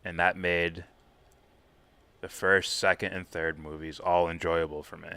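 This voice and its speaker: A man's voice: deep voice, flat delivery, unhurried, bright, forceful tone, clean tone. A man co-hosting a casual live reaction stream, rambling about films with lots of swearing and laughter. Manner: profane, rambling, laughs a lot. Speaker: co-host.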